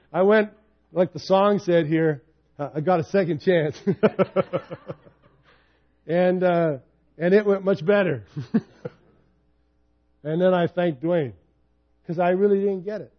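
A man's voice: high voice, unhurried, pauses often, dull audio. A man in his fifties preaching a sermon in a personal, conversational storytelling way. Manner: conversational, personal storytelling, animated when retelling. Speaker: pastor.

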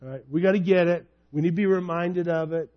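This pastor, a man in his fifties, is a fast talker with a voice on the high side, and the audio has its highs cut off. His sermon takes the form of conversational personal storytelling, getting animated in the retelling.

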